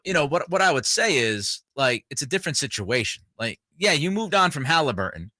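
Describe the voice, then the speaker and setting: A sports radio co-host, a man with a bright, lively voice that rises and falls a lot. He talks in a loose, rambling way, full of fillers and restarts, and the studio sound is dry and close. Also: fairly high pitch, a little fast, no room sound. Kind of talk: casual sports talk.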